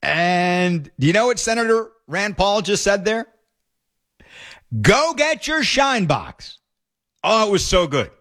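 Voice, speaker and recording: A man hosting casual political commentary, emphatic and excited as he reacts to clips. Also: sits high. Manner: emphatic, excited, fond remarks.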